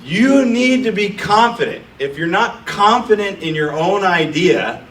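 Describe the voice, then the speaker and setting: Middle-aged man, blunt mocking coach, higher voice, roomy sound from off-mic. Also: expressive, unhurried, a bit bright. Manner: brash, profane, mocking, acts out nervous founders. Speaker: startup accelerator founder coaching founders. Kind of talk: blunt live talk to an audience. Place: room with an audience. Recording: echoey room from far off.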